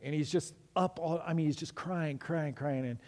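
A middle-aged man preaches as a pastor, telling stories in a relaxed, conversational way with plenty of restarts. His voice sits a bit higher than most men's. The sound carries a long echo from a large hall. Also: moderate pace. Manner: conversational storytelling with many restarts. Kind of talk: sermon.

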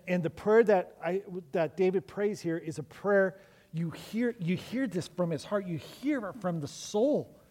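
Middle-aged pastor preaching in a hall. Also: male voice, fairly high pitch, breathy edge. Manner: conversational storytelling with many restarts. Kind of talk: sermon. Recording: long echo of a large hall.

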